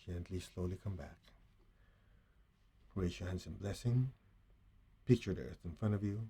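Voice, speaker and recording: A man with a Chinese accent guiding a meditation in a hushed, slow, calm voice with long pauses. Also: low voice, breathy edge. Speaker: meditation teacher. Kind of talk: guided meditation.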